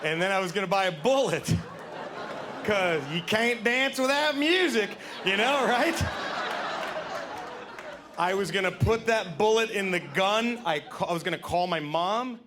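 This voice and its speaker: Stand-up guy, high voice, confessional storytelling, faint hiss in the background. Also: animated, a little slow. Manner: confessional storytelling, jumps into loud character voices. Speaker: stand-up comedian. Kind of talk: stand-up comedy set.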